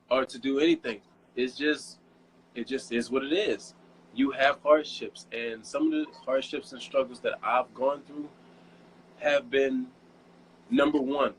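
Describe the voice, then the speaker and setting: A young man speaks in a middle-pitched, easygoing voice and tells stories with giddy energy. He laughs often and acts out quoted remarks in a livelier tone. A faint noise sits under the recording. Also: poor audio. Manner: giddy, laughing, animated storytelling. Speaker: guest model. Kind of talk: casual interview chat.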